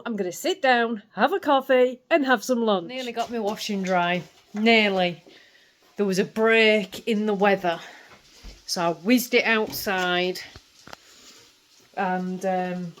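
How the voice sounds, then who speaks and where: A woman's voice: medium pitch, slight background noise. A woman with a Yorkshire accent, chatting casually to camera in a home vlog and laughing often. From England. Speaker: vlogger. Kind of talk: casual chat.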